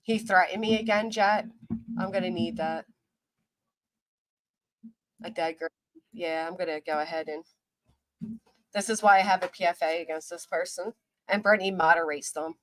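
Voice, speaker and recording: A woman's voice: fairly low pitch, moderate pace, long pauses, a bit bright, no echo. A woman hosting a casual livestream, talking in an indignant, ranting way. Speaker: livestream host.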